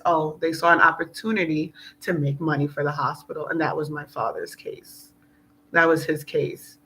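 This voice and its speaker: An earnest woman speaks in a loose, rambling vlog monologue, her voice gravelly and bright-edged. She sounds emotional and turns preachy at times. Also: sits low, poor audio. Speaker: spiritual vlogger. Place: outdoors in South Florida.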